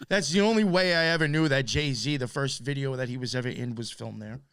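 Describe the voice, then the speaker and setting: A man with a New York accent co-hosting a podcast, telling a story in a loose, animated way, swearing and laughing often. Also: mid-range voice, a little fast, clear, resonant tone, dry recording. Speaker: podcast co-host. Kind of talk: casual storytelling chat.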